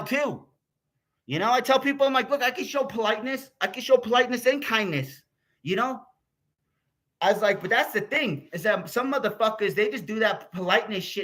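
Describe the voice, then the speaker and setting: An animated American YouTuber vents a little quickly on his vlog, his heated rant wandering and laced with curses. He sounds bright and forceful, high-pitched for a man.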